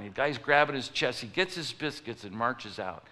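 A pastor with a mid-range, animated voice preaches a sermon at normal speed, barely pausing, his tone pushed and bright as he tells stories and acts out the voices of the people in them. A large hall gives the recording a long reverb.

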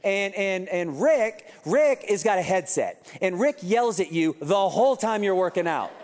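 A man preaching a sermon, telling a funny story with quoted voices and lively asides. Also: sits high, a little slow. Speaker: pastor. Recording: reverberant hall.

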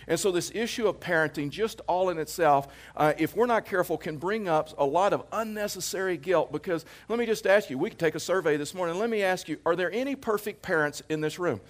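A man in his fifties preaching a sermon as pastor, casual and anecdotal, repeating phrases for emphasis. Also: fairly high pitch. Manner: conversational, anecdotal preaching with jokes.

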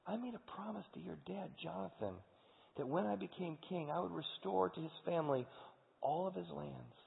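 A gracious king speaks softly and reassuringly in a lifted, quiet voice, as a preacher plays him in a sermon. His tone is gentle and generous. The recording rings in a hall and sounds thin and phone-like. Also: sits high, moderate pace, creaky, voice pushed up. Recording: echoey hall over tinny sound.

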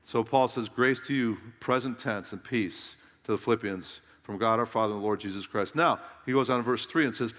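A man's voice: mid-range voice, brisk, hardly any pauses, a bit bright. A middle-aged man pastor preaching a sermon with emphatic delivery, firing rhetorical questions at his congregation. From Southern California. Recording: long reverb of a large hall.

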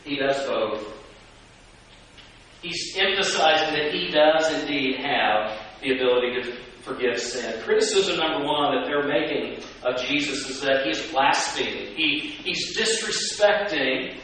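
Animated male preacher in an echoey church. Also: medium pitch, measured pace. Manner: animated, asks the congregation questions. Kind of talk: sermon. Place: church sanctuary. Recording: echoey church from a distance with hiss.

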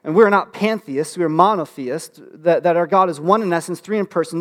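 Animated high-voiced pastor preaching. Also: male voice, brisk, few pauses. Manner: animated, humorous asides with rising excitement; frequent restarts and filler words. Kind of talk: sermon.

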